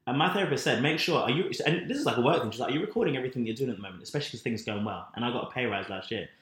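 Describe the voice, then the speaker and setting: A man in casual conversation, telling a work story quickly and animatedly, acting out what others said. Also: medium pitch, lively intonation, a bit bright. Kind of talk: casual chat. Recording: roomy echo.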